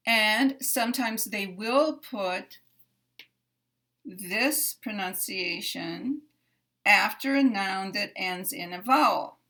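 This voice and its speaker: A woman teaching English pronunciation, explaining sounds in a careful, measured way and repeating example sentences. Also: mid-range voice, pushed and bright. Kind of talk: slow, deliberate pronunciation lesson.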